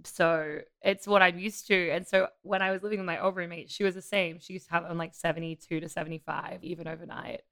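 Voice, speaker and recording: A woman's voice: on the low side, fairly even intonation, fast, hardly any pauses, fairly bright tone. A woman from Australia co-hosting a podcast in casual chat, laughing often. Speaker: podcast co-host.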